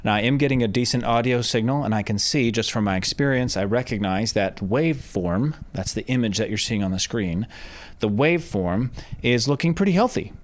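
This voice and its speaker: Animated and fairly quick, a medium-pitched male producer demonstrates his vocal recording routine in a relaxed tutorial. He explains each stage and tosses in loud sung test shouts. The sound comes from a handheld dynamic mic about a foot away, in a home studio treated with rock wool and curtains.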